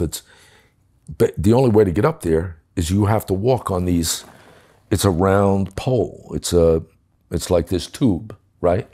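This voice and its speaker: A man's voice: sits low, mellow. A man, telling a story bluntly in an interview and acting out the dialogue with profanity. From United States. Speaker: guest, former police commissioner. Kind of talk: storytelling in a long-form interview.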